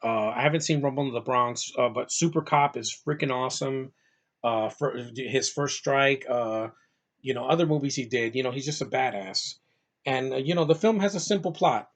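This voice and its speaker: A man's voice: mid-range voice, moderate pace. Rambling, upbeat male movie reviewer. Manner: enthusiastic, rambling, many fillers. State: tired. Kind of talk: casual movie review vlog.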